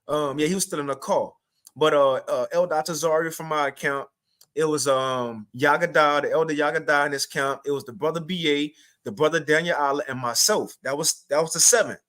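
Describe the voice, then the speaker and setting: A young man giving a livestreamed spiritual testimony, telling the story in an animated, repetitive way with casual slang. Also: fairly high pitch. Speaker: spiritual teacher sharing a testimony.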